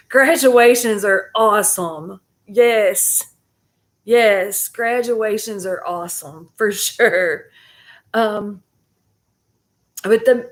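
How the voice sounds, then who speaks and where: Slow, rambling woman chatting to viewers. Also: mid-range voice. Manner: rambling, chatty, many fillers and restarts; addresses the audience directly. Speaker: spiritual reading streamer. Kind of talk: casual live chat to viewers.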